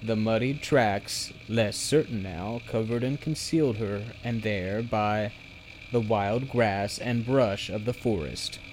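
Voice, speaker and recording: A man narrating a children's fantasy audiobook in a measured, steady storytelling manner. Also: on the low side, slight background noise, poor audio. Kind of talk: scripted narration.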